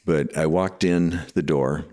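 Very deep-voiced middle-aged man reflecting. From Washington state, USA. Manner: reflective, steady storytelling with frequent pauses. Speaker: executive pastor, guest. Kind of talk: telling his life story in a podcast interview.

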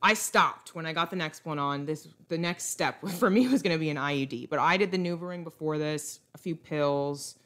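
Blunt young woman, low voice. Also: normal speed, hardly any pauses, fairly bright tone. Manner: blunt, exasperated ranting. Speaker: podcast co-host. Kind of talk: casual chat.

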